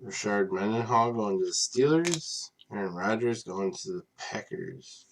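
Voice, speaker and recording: A man's voice: on the low side, a little slow, a little hiss or hum. A man hosting a live card break stream, reading off players and teams in a casual, tired way, apologizing for yawning late at night. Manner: reads off names in a steady list.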